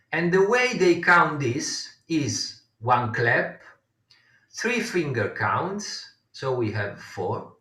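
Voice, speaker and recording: A man leads a live konnakol rhythm lesson, counting beats aloud in a slow, unhurried way. His voice has a bright edge and sits a little away from the mic in a roomy space. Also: medium pitch. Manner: counting beats aloud, patient explaining with frequent fillers. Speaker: konnakol workshop teacher. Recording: roomy distant mic sound.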